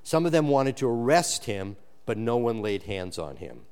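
A male pastor preaching an expository sermon, shifting between low emphatic lines and raised animated ones, often restarting his words. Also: moderate pace, smooth. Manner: frequent restarts and repeated words.

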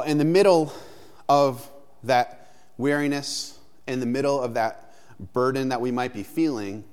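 A man in his thirties preaching a sermon in a loose, conversational way, often checking in with "right?". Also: mid-range voice. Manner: conversational, frequent "right?" tags. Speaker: pastor.

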